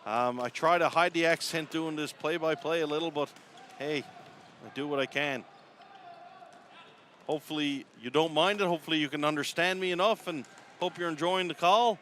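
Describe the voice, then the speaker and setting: A man's voice: on the high side, normal speed, a bit bright, slight background noise. A man from Newfoundland with a Newfoundland accent, calling live play-by-play from the top of an indoor arena in a chatty, folksy way. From Newfoundland, Canada. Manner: chatty and folksy, chuckles between calls. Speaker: play-by-play commentator. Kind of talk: live sports play-by-play commentary.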